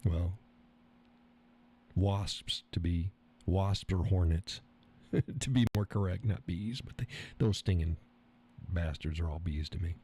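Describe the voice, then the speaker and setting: A man's voice: low-pitched, takes it slowly, pauses often, mellow, husky. A middle-aged man hosting a casual live stream, reading out chat comments, joking crudely and laughing often. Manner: chatty, laughs often, salty jokes. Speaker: livestream host reading chat.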